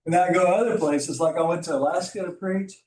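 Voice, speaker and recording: A man's voice: sits high, steady tone, brisk, a little mellow, a little hiss or hum. A middle-aged man with an Alabama Southern accent, teaching a Bible class in a folksy, conversational way with asides. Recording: roomy classroom audio from a distant mic.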